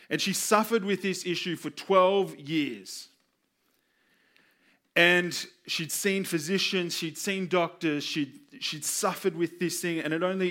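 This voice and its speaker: A man delivers a sermon in a fairly high voice, earnest and personal. He tells scripture stories and his own experience, and slips into the voices of the people he quotes. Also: fairly bright tone. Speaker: preacher.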